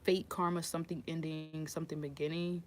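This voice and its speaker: A woman's voice: sits low, flat delivery, brisk, soft background music. A woman doing a casual live-stream tarot reading, blunt and profane, often laughing. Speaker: tarot reader.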